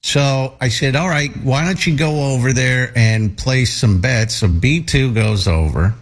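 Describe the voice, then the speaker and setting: A man's voice: mid-range voice, a little slow. A man in his thirties, a talk show regular, telling a casual anecdote in a rambling way with many fillers and restarts.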